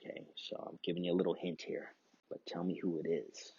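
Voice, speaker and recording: A man's voice: low voice, little pitch movement, brisk, creaky, dark tone, husky, no room sound, highs cut off. A man hosting his own podcast, rambling casually and profanely and chuckling often between thoughts. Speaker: podcast host.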